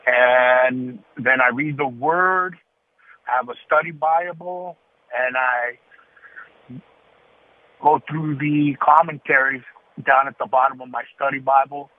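Man, radio caller, mid-pitched voice, tinny phone line, dry, matter-of-fact. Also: fairly even intonation, slow pace, pauses often, dry recording. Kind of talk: call-in phone chat.

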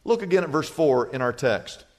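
A middle-aged man preaching a sermon as pastor, telling a story in a lively, animated way. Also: medium pitch, normal speed. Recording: long reverb of a large hall.

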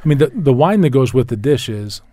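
A man's voice: medium pitch, sing-song, fairly quick, dark tone. A man talking food and wine pairings in a casual chat, enthusiastic and rambling, often restarting his sentences and spelling out wine names. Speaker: wine expert guest.

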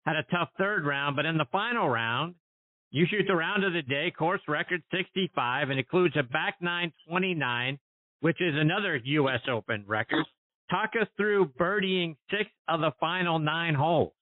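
A man's voice: on the high side, normal speed, no echo. A male interview host reading a prepared setup for his question. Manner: brief, scripted setup of questions. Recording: dry, tinny phone-like line.

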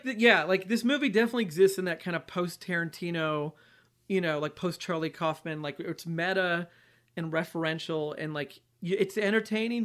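A man's voice: high-pitched, fairly bright tone. A man co-hosting a podcast, chatting casually about a film, loose and full of fillers. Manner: easygoing, many likes and fillers. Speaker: podcast co-host.

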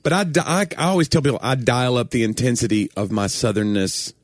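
Animated Southern man joking on a podcast. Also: medium pitch, a little fast, dry recording, studio quality. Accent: East Tennessee Southern, toned down. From Knoxville, Tennessee. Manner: animated, joking, acts out quoted voices. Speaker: podcast co-host. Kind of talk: casual podcast banter.

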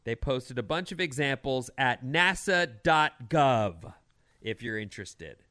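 A man's voice: mid-range voice, animated, unhurried, bright, forceful tone. A man hosting a radio show, chatting casually and reading quirky news items with an opinionated, teasing manner.

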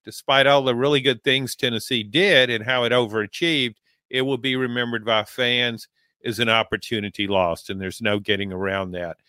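A man from Louisiana gives college football analysis in a calm, reflective way, often pausing on fillers as he works through a thought. His voice sits at an ordinary pitch, and the recording is dry and close. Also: smooth, dry recording. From Louisiana, American South. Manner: measured, reflective, with frequent fillers. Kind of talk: sports talk commentary.

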